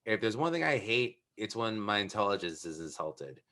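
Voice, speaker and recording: A man's voice: lowish voice, sing-song, normal speed, sharp tone. A man hosting a podcast in casual chat, opinionated and blunt, swearing freely. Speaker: podcast host.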